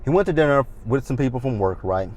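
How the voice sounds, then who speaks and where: A man's voice: medium pitch, animated, fast talker, a little mellow. A man in his thirties recapping a reality show in a chatty, sassy way with dramatic asides. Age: 30s. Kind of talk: casual recap commentary.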